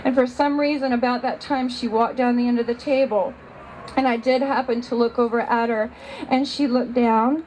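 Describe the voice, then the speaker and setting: A woman's voice: a little high, steady tone, moderate pace, a little mellow, a little hiss or hum, rough recording. A woman giving a personal testimony, telling her story earnestly and with emotion.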